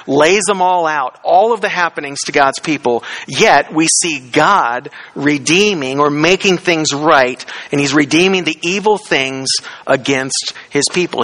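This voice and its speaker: A man preaching a sermon, explaining a Bible passage verse by verse, asking questions and slowing down on key phrases for emphasis. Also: on the high side, sharp tone, low-quality recording. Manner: expository, explains Greek words, asks the congregation questions. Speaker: pastor.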